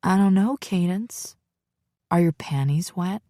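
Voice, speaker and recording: A cocky, crude male biker, as a woman narrator puts him on teases with slow, suggestive lines. The voice sits fairly low and sounds close and dry, with no room around it. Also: mellow, dry recording, close to an everyday voice. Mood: cocky teasing. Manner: teasing, suggestive delivery.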